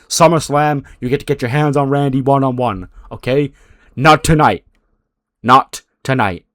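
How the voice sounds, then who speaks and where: A man's voice: mid-range voice, steady tone, brisk, no echo, clean studio sound, voice pushed up, close to an everyday voice. A man doing an urgent, pleading peacemaker. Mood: placating. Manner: urgent, placating. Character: pleading male wrestling manager, peacemaker.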